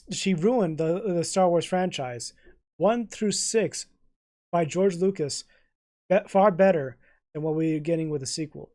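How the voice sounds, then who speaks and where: A man's voice: high voice, mellow. Stammering man in a frustrated rant. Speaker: reaction channel host. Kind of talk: casual reaction rant.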